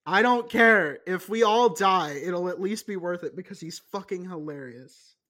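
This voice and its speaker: A man's voice: high voice, normal speed, pushed and bright. A man co-hosting a podcast in casual chat, rambling and joking with lots of restarts. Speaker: podcast co-host.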